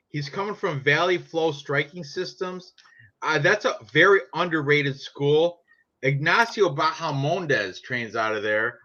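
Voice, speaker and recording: A man's voice: on the high side, sharp tone. A man chatting casually about sports picks in a brash, profane, joking way. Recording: dull lo-fi sound.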